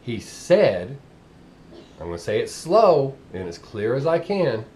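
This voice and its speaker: A man's voice: mid-range voice, very animated, takes it slowly, a little mellow, a little hiss or hum. Blunt Southern man ranting. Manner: blunt, profane, sarcastic. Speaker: vlogger. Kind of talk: casual ranting monologue.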